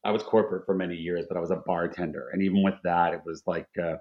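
A man's voice: sits low, fairly even intonation, fast talker. A man from the Philadelphia area chatting casually as a podcast co-host, rambling, restarting sentences and swearing freely. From Philadelphia area, USA. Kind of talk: casual chat. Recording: dull lo-fi sound.

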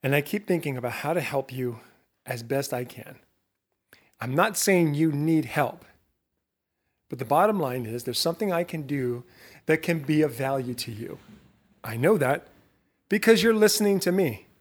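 A middle-aged man hosting his own podcast, giving a lively motivational talk straight to his listeners, full of rhetorical questions and self-interruptions. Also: on the high side, moderate pace, long pauses. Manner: self-interrupting, laughs at himself. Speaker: podcast host.

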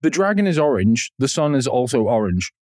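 A man's voice: medium pitch, very animated, fairly quick, darkish tone, no room sound, studio quality. A man co-hosting a podcast, chatting casually with jokes and swearing. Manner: joking, sweary banter. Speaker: podcast co-host. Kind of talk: casual chat.

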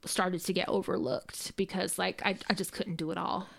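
A woman's voice: fairly low pitch, flat delivery, moderate pace, creaky. A woman in her thirties co-hosting a podcast, talking casually, laughing easily and swearing. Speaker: podcast co-host. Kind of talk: casual chat.

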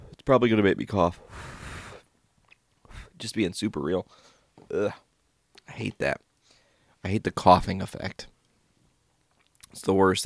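Stoned, gravelly low-voiced man. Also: no room sound, studio quality. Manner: rambling, laid-back, swearing. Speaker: podcast host. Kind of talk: casual storytelling monologue.

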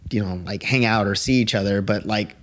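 A man's voice: fairly low pitch, steady tone, brisk, a bit bright. A man chatting casually as a podcast guest, rambling through a story and leaning on 'like' constantly. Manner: rambling, heavy use of 'like'. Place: living room.

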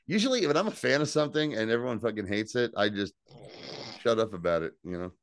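A man co-hosting a podcast, casually and excitedly recapping scenes, swearing freely and quoting lines. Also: lowish voice, fast talker, no echo, studio quality. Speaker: podcast co-host. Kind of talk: casual chat.

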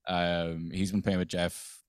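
A man's voice: low voice, little pitch movement, measured pace, clear, resonant tone, no echo, clean studio sound. An Irish man, a band member guest, chatting eagerly and agreeably about other musicians. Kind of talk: casual chat.

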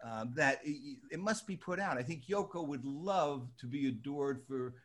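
An older man from New Jersey telling a lively anecdote, acting out the voices of the people in it. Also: mid-range voice, normal speed. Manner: lively, acts out voices in his story. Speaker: storyteller guest.

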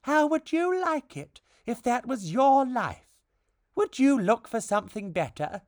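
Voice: mid-range voice, big pitch swings, a little slow, no echo, clean studio sound, pitched above the performer's own voice. A storybook reader voicing a preachy, self-assured female fairy who lectures her friend. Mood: speechifying. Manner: lecturing, speechifying.

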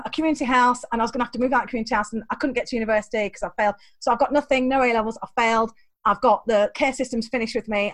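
A woman in an interview, telling animated stories from her life and acting out the voices of the people in them, often laughing. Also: on the high side, no echo. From England. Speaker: guest, teacher trainer. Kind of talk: storytelling interview.

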